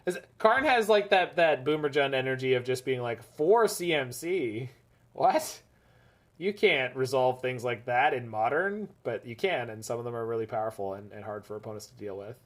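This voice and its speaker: A man of middle pitch gives loose, casual commentary on his card game matches. He rambles and jokes, laughing often. His energy jumps from excited high bursts down to low, half-swallowed mutters. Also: fairly quick, hardly any pauses. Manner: swings between bursts of enthusiasm and low muttering. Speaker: gaming streamer.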